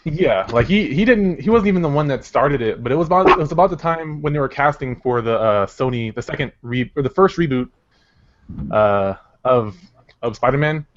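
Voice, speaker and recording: A man's voice: medium pitch, animated, fairly quick. A man co-hosting a podcast talks in a loose, rambling way, full of fillers and restarts. His voice sits in a middle range. The audio is dull and lo-fi. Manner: rambling, hesitant, many fillers. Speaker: podcast co-host. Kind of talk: casual chat.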